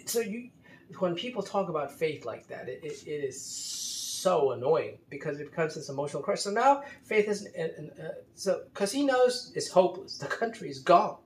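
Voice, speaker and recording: A man's voice: fairly high pitch, very animated, moderate pace, darkish tone. A man giving unscripted commentary, emphatic and exasperated, often stumbling into repeated restarts. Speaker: commentator critiquing a religious article. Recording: roomy echo, faint background noise.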